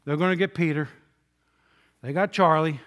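Man, pastor, sermon, slightly high voice, conversational, rhetorical questions, loud to hushed. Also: fairly even intonation, moderate pace. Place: church sanctuary.

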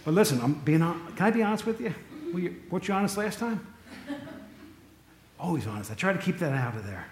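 Male pastor, slightly high voice, conversational sermon with quips; roomy hall sound. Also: animated, fairly quick, pauses often, a little hiss or hum. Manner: conversational, jokey asides to the congregation. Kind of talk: casual sermon.

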